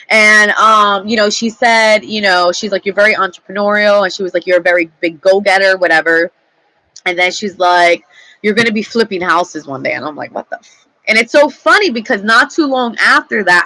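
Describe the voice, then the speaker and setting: A woman's voice: mid-range voice, bright, forceful tone, no echo, poor audio. A young woman vlogger telling a story in a chatty, rambling way, swearing freely. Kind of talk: casual storytelling to camera.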